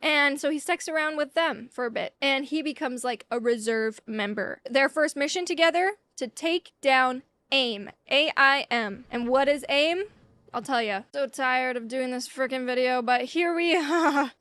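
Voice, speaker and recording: A woman's voice: sits high, normal speed, a bit bright, clear, resonant tone, dry recording. A young woman casually and jokingly retelling a comic book history, acting out scenes with silly voices. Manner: jokey, playful, acts out scenes with silly voices. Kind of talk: casual comedic storytelling. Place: hot room, with an ice pack.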